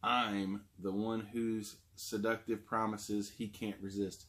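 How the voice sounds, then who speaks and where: A man reading out a sinister, nameless inner spirit from a label in his own fairly low voice. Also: level tone, takes it slowly, a bit bright. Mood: smug. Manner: read aloud from a label in a plain voice.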